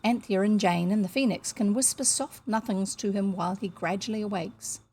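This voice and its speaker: A woman voicing an earnest, bossy young boy who speaks sternly and slowly, in a storybook reading. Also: medium pitch, a little mellow, husky.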